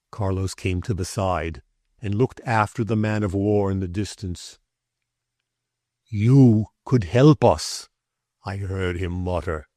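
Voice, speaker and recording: A man narrating a classic adventure novel as an audiobook, measured and deliberate. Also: low-pitched, no echo, clean studio sound. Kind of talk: scripted narration.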